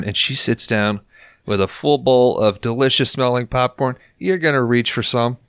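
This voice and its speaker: A man's voice: medium pitch, moderate pace, a bit bright, smooth, dry recording, studio quality. A man hosting a podcast, casually recapping a TV episode and swearing freely while acting out lines. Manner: profane, joking, acts out quotes. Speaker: podcast host.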